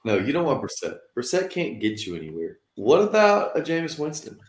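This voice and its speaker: A man's voice: mid-range voice, wildly swooping pitch, fairly quick. A man co-hosting a fantasy football podcast in casual chat, blunt and dismissive. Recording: roomy echo.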